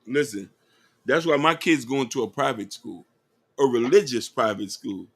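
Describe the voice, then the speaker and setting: A man's voice: medium pitch, expressive, normal speed. A man co-hosting a podcast in casual debate, preachy and insistent as he argues. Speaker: podcast co-host.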